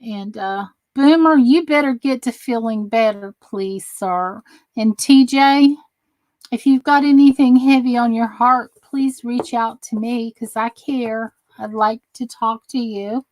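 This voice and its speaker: Woman, tired, slow and chatty, a bit high voice, dry close sound, talking to viewers while crafting. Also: darkish tone, no room sound, low-quality recording. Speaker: crafting livestream host. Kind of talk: casual live stream chat while crafting.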